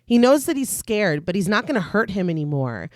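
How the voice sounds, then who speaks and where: A woman's voice: medium pitch, very animated, brisk, no echo, clean studio sound. A woman co-hosting a horror podcast, retelling the plot of a film in detail between her own casual comments. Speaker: podcast co-host. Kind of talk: casual chat and film recap narration.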